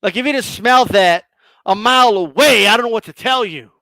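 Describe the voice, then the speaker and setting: A man hosting a live stream, ranting bluntly and sarcastically, swearing and rising to shouts. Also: high voice, a little fast, dry recording. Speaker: boxing commentator and channel host.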